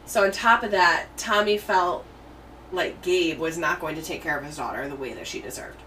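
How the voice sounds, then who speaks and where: A woman's voice: low voice, normal speed, fairly bright tone, recorded from a distance, slight background noise, low-quality recording. An American woman hosting a true crime podcast, telling the story in a chatty way with tangents. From United States. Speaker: podcast host.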